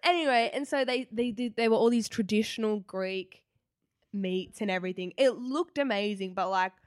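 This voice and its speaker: A young woman, co-hosting a podcast and telling a travel story in lively casual chat, acting out what people said and swearing freely. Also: medium pitch, normal speed, no echo, studio quality. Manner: animated, swears casually, acts out quotes. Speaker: podcast co-host.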